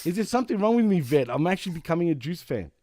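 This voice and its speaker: A man's voice: on the high side, sing-song, very fast, warm tone. Joking man in podcast banter. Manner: joking banter, laughs often. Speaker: podcast co-host. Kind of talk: casual chat.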